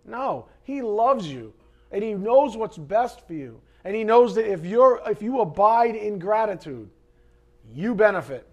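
The high end of the audio is cut off in this recording of a male pastor with a high voice who preaches unhurriedly. He's animated and conversational, joking with the congregation and alternating between loud emphasis and quiet asides.

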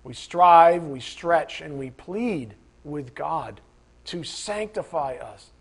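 A man's voice: fairly high pitch, expressive, slow, creaky, husky. A man preaching a sermon in a conversational, emphatic way, acting out imagined voices of his listeners.

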